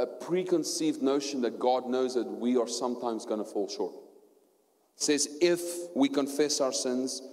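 A man with a South African accent preaching a sermon and telling his story, going from hushed tones to loud preaching. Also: mid-range voice. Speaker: pastor. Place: church hall. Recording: long hall reverb.

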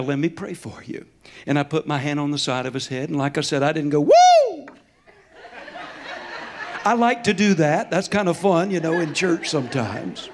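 A middle-aged man preaching as a guest in a church, telling stories in a folksy, chuckling way. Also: fairly high pitch. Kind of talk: storytelling sermon. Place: church sanctuary.

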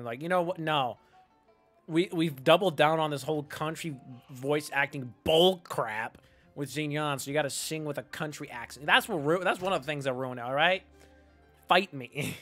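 Bright-voiced, sarcastic male game streamer. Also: on the high side, moderate pace, soft background music. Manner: sarcastic, ranting, joking. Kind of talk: gameplay commentary.

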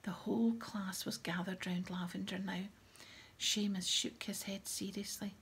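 A woman reading a novel aloud in a soft, half-whispered manner. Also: mid-range voice, fairly even intonation, measured pace, slight background noise. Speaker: audiobook reader.

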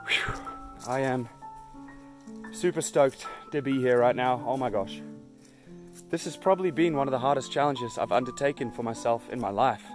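Over music, a young man speaks at a moderate pace with a medium-pitched voice, pausing often as he vlogs alone on a mountain trail. Exhausted and aching, he sighs wearily into his handheld phone or action camera for a casual video diary.

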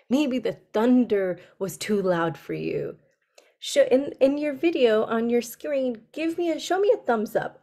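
A woman telling a story to children on a video call, speaking gently and asking them questions. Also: medium pitch. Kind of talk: interactive story session for kids.

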